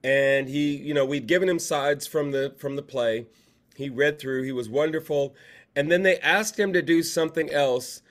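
A man's voice: on the high side, moderate pace. A man co-hosting over a video call and telling theater stories in a casual, anecdotal way. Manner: anecdotal storyteller. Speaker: co-host, theater director.

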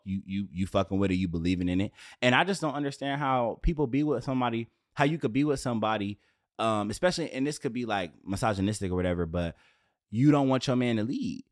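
A man in his late twenties talking casually as a podcast host, animated and profane with streetwise slang, in a dry room on camera. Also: lowish voice, fast talker, dry recording. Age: 20s. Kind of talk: casual solo rant.

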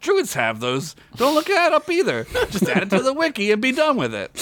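A man's voice: very high voice, a bit bright, a little hiss or hum. Man narrating a crude comedy story. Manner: crude, jokey asides between narrated lines. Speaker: podcast host and storyteller.

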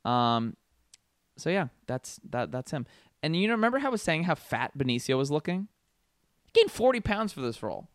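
A man's voice: on the high side, big pitch swings, brisk, dry recording, studio quality. A man co-hosting a casual podcast chat, joking and profane, rambling with lots of fillers. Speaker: podcast co-host.

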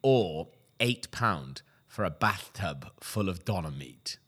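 A man co-hosting a comedic chat, talking in a mock-serious deadpan way with lots of ums. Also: low-pitched, takes it slowly. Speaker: podcast co-host.

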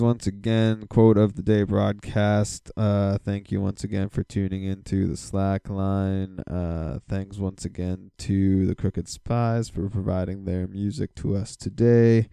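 A man with a low, gravelly voice rambles through a casual solo podcast, piling up fillers as he tells his stories. His tone is very dark but smooth and clean, recorded close and dry. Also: no echo. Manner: rambling, filler-heavy storytelling. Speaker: podcast host.

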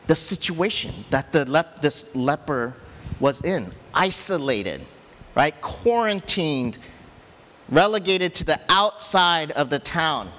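A man preaching a sermon as pastor, animated and chatty, often laughing and jumping up in pitch to stress a point. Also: long reverb tail.

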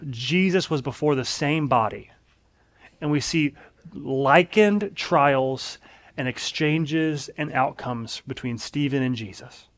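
A man preaching a sermon in an earnest, emphatic way, leaning on repeated phrases. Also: medium pitch.

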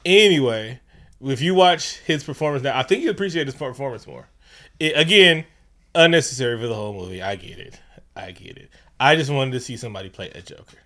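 A man co-hosting a casual movie commentary chat, talking loosely and profanely, laughing often and doing quick impressions. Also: medium pitch, expressive, a bit bright. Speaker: podcast co-host.

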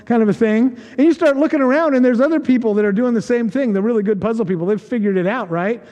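A man's voice: very high-pitched, quick pace, hardly any pauses, warm tone, dull audio. A male pastor preaching a conversational, joking sermon and acting out quoted voices. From United States. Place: church sanctuary. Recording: long reverb of a church hall.

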